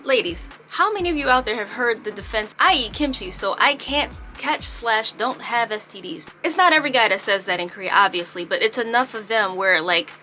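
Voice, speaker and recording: A woman vlogger recounts a story in a chatty, animated way. Her voice is bright and sits a little high. Faint music plays under the talk. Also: fairly quick, few pauses. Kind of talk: storytime vlog.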